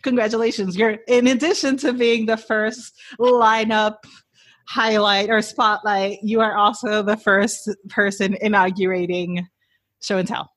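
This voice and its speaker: Woman host, kinda breathy, chill and encouraging, mid pitch. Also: level tone, measured pace, fairly bright tone. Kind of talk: casual interview.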